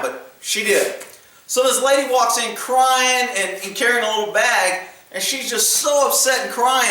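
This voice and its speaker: Blunt guy telling stories, laughs a lot, voice sits high, echoey room. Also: pushed and bright, recorded from a distance. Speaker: former military police officer telling stories. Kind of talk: casual storytelling.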